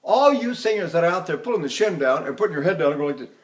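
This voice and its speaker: An older man giving a voice lecture, animated and breaking into sung demonstrations. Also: high voice, quick pace. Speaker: voice teacher.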